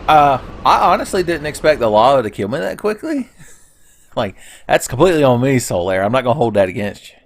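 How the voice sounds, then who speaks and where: A man's voice: mid-range voice, big pitch swings, fast. A man casually commenting over his own gameplay, rambling into joking asides and swearing freely. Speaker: let's play host.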